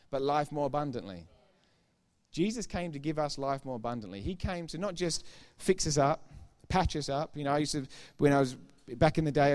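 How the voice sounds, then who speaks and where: A man's voice: on the high side, a little mellow. A middle-aged man preaching a sermon, emphatic and informal, repeating key phrases for effect and throwing chatty asides to the congregation. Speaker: pastor.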